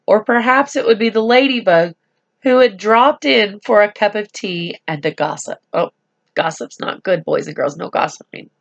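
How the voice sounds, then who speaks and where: A woman reading a storybook aloud to children, speaking slowly and gently and adding chatty asides to them. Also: medium pitch, gravelly, lo-fi sound.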